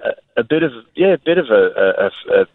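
A man's voice: medium pitch, big pitch swings, fairly quick, no room sound. A man calling in to a radio show, talking with many fillers and self-deprecating remarks. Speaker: singer calling in. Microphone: phone line. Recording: tinny dry phone line.

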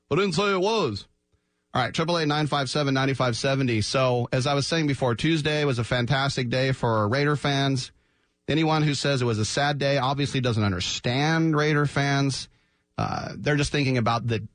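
Joking, animated sports radio host. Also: male voice, medium pitch, no room sound, studio quality. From San Francisco Bay Area. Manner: animated, jokey, slips into mock voices. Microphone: studio microphone.

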